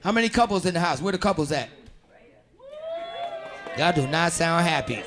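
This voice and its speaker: A man doing stand-up comedy, bantering loudly and profanely with the audience in a club. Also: on the high side, animated, normal speed, long pauses, music in the background, a crowd in the background. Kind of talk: stand-up crowd work.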